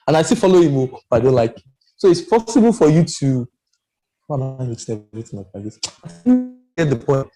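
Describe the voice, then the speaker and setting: Mellow man talking animatedly. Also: medium pitch, fairly quick, faint music behind, rough recording. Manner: animated and emphatic, rambling with restarts. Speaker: podcast panelist. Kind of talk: casual discussion.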